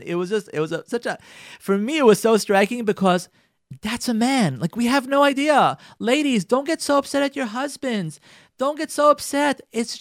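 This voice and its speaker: A man hosting a radio talk show, telling a story in a casual, animated way, repeating phrases for emphasis and mixing in Yiddish and Hebrew words. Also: high voice, no echo, clean studio sound. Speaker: radio show host, marriage counselor.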